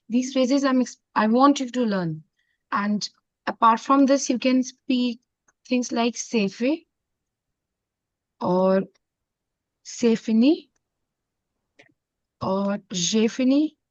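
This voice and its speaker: A woman with an Indian accent teaching a French class, mixing in Hindi and repeating phrases slowly. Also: fairly high pitch, dry recording. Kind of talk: online classroom lesson. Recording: dull, dry lo-fi sound.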